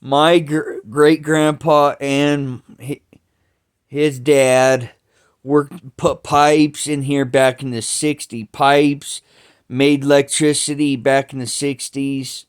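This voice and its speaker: Slow, rambling man with a smooth voice. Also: mid-range voice, little pitch movement. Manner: slow, halting, with many restarts and cursing. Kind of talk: rambling family storytelling.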